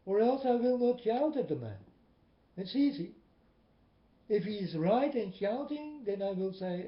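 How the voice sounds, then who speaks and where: A man preaching a personal testimony in non-native English, emphatic, swinging between loud and soft. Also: high voice, very animated, moderate pace. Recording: echoey, dull lo-fi recording.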